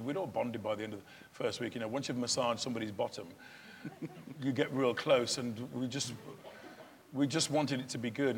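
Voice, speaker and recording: A man's voice: medium pitch, slight background noise. A man with a Nigerian accent, a stage actor chatting loosely in an interview, rambling and self-deprecating with frequent restarts. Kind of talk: casual interview chat.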